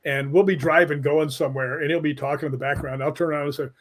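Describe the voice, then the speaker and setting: A man telling stories as a guest on a live online show, animated and laughing as he goes. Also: a little high, fast. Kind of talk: casual storytelling.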